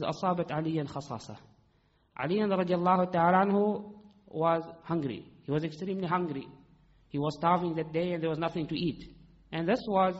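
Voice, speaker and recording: A high-pitched male preacher delivering an emphatic sermon and answering his own rhetorical questions. His voice rings through a long hall reverb. The recording sounds dull and muffled.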